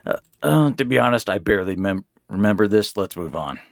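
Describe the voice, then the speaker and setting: Low-voiced man hosting a casual podcast, dry close mic, lots of filler words. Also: animated, a little fast, vocal fry, no room sound. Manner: laid-back, many filler ums and uhs. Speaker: podcast host.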